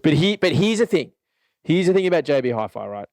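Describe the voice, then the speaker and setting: A man's voice: fairly high pitch, brisk, no room sound, clean studio sound. Rambling, profane Australian man. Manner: profane, rambling, animated, laughs often. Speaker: podcast host. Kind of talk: casual solo podcast rant.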